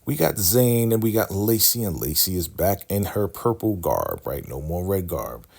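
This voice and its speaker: A man with a low, husky voice recaps a TV episode in casual talk. His delivery swings widely in pitch as he jumps between storytelling and acting out characters' lines. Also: moderate pace. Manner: animated, acts out quoted lines in character. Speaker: recap channel host.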